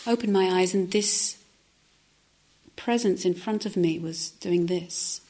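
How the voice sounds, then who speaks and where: A woman meditation teacher giving a gentle, reflective dharma talk at a retreat, often dropping to a soft near-whisper. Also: on the low side, slow pace. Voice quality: breathy, often drops to a whisper. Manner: gentle, reflective, with hesitant restarts. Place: retreat center meditation hall.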